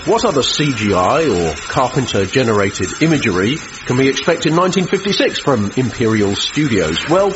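An actor playing a boastful 1950s film studio boss giving a brisk promotional talk in a comedy sketch. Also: male voice, medium pitch, natural voice. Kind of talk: comedy sketch, mock newsreel. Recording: muffled recording with clear background noise.

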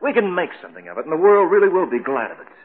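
A man's voice: sits high, very animated, racing. An actor playing a doctor who firmly coaxes his distraught old friend in an old radio drama. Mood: coaxing. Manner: coaxing, firm and reassuring. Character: steady male doctor, the chemist's old friend. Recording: tinny old broadcast with long reverb.

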